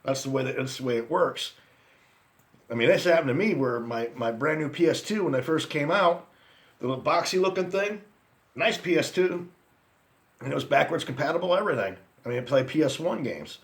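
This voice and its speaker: A man's voice: on the high side, animated, a little fast. A man in his forties telling rambling, profane stories about his friends and past, laughing at his own anecdotes. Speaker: vlogger. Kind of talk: casual storytelling rant.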